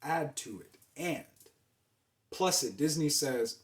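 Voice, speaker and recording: Young man, slightly high voice, emphatic motivational host, repetitive hype-up delivery. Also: expressive, slow pace. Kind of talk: motivational monologue.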